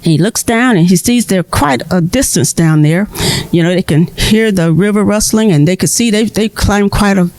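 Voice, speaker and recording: A woman storyteller telling a folk tale to children in a lively, expressive way. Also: medium pitch, moderate pace.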